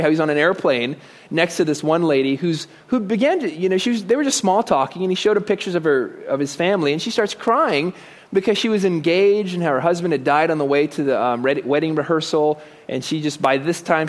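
A man giving a conversational sermon, asking rhetorical questions and dropping joking asides. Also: on the high side. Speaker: preacher.

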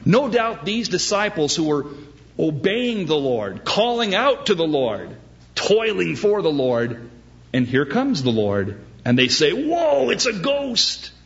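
A man preaching a sermon as pastor, animated and acting out the voices he quotes. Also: a little high, a little slow, highs cut off.

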